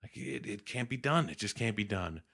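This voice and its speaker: A man voicing a gloomy, defeated young male hero in a hushed, whiny voice. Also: lowish voice, animated, a little fast, gravelly, heavily acted.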